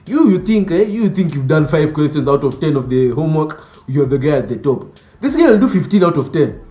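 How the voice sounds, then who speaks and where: A man doing a comic monologue about school types, animated and mock-outraged, dropping Swahili slang. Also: on the high side, fairly quick, echoey room, faint music behind. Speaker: comedy sketch creator. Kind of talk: comedic monologue with skits.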